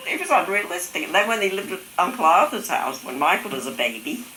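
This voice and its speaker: A woman's voice: lowish voice, very animated, fast, reverberant, heavy background noise. Older woman laughing through family tales. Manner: amused, laughs often, mimics relatives' voices. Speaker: interviewee recalling family stories. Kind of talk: casual family storytelling.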